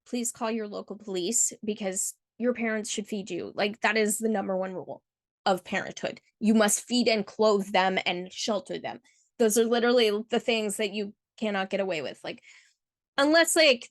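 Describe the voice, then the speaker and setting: A woman's voice: medium pitch, fairly quick, dry recording, studio quality. A woman hosting her channel, reading a viewer's submitted story aloud and then reacting with earnest, heartfelt commentary full of casual fillers. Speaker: channel host.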